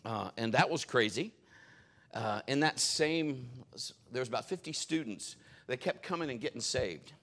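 A male pastor preaching at a church service, with a medium-pitched voice. He tells animated stories, laughs and exclaims, and his pitch swings wide through every line. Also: moderate pace. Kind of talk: sermon.

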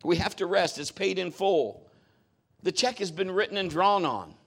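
A man's voice: sits high, lively intonation, normal speed, gravelly, fairly bright tone. A middle-aged man preaching a sermon as a pastor, talking in a conversational, folksy way with joking asides.

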